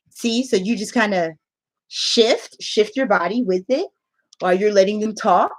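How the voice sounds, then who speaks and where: A woman English teacher giving casual tips in a playful, animated way, laughing often. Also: medium pitch, brisk.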